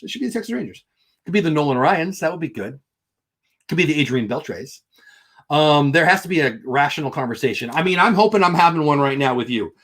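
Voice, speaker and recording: A man's voice: on the high side, fairly bright tone, husky. A middle-aged man hosting a casual livestream, reading chat comments aloud and ranting in an exasperated, opinionated way.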